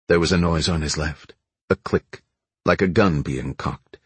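Steady and measured, a husky, deep-voiced male narrator reads a scripted audiobook passage. No room sound can be heard.

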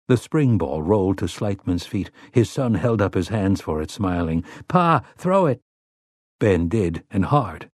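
Low guy reading an audiobook, measured, super dry close sound. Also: dark tone, no echo. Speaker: audiobook narrator. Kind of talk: scripted narration.

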